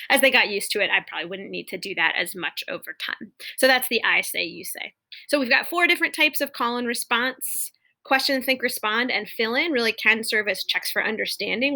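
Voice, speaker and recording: Bright-voiced woman modeling teaching cues. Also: medium pitch. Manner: clear, exaggerated call-and-response cues to imagined students. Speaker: teacher coach modeling classroom techniques. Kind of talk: instructional demonstration.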